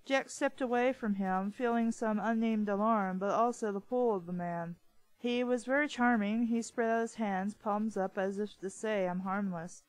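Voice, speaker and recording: A woman's voice: fairly high pitch, moderate pace, no room sound, poor audio. A woman book reviewer reading a novel aloud in a plain voice and breaking off for mocking side comments.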